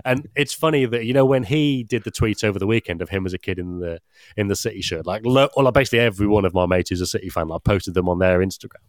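A young man tells a story in loose, rambling podcast chat. His voice sits low, with a dry, close recording. He swears casually as he talks. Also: quick pace, no room sound. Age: young adult. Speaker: podcast regular.

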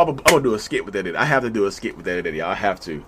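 A man hosting his own channel, talking straight to his viewers in a casual, animated way that often gets loud and hyped. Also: on the low side, rapid-fire, slight background noise. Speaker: YouTube channel host. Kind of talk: casual direct-to-camera talk.

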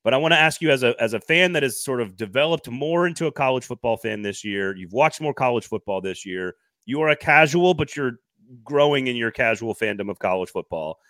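A man's voice: mid-range voice, animated, fairly quick, fairly bright tone, dry recording, studio quality. A man hosting a casual sports podcast, thinking aloud and hedging his points. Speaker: podcast host.

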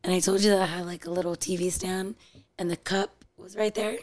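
A woman's voice: fairly low pitch, level tone, brisk, darkish tone. A woman co-hosting a podcast, chatting casually and rambling with many fillers. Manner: rambling, heavy use of "like". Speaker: podcast co-host. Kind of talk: casual chat.

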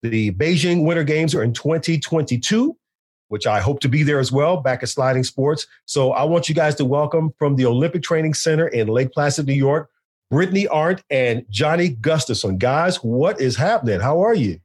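A man hosting an esports podcast, a sports broadcaster talking in a chatty, animated way with fillers and interviewing guests over a video call. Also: on the high side, normal speed, husky. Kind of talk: casual podcast talk and interview.

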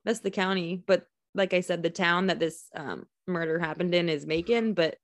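A woman's voice: on the low side, moderate pace, no echo. A woman co-hosting a true-crime podcast in casual chat, giggly and full of fillers. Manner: chatty, giggly, lots of fillers. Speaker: podcast co-host.

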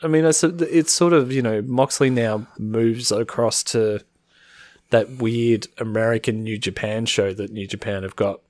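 A man's voice: fairly low pitch, unhurried, a little mellow, dry recording, studio quality. A man co-hosting a casual podcast, laughing often, swearing freely and acting out quoted lines in playful voices. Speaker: podcast co-host. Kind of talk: casual wrestling podcast chat.

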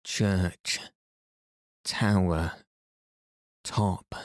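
A man voicing a boy who calls out in a deliberately deep, slow, loud voice with clipped words, in a bedtime storybook. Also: steady tone, no room sound, studio quality. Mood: booming.

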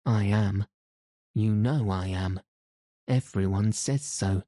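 A man's voice: lowish voice, slow pace, mellow, no room sound, studio quality. A man reading a sulky spoiled sickly boy.

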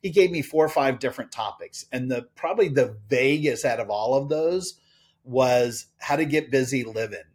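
A man co-hosts a podcast in quick, upbeat banter. His voice sits at an ordinary middle pitch. He talks casually and chattily as he sets up the episode. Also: darkish tone. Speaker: podcast co-host.

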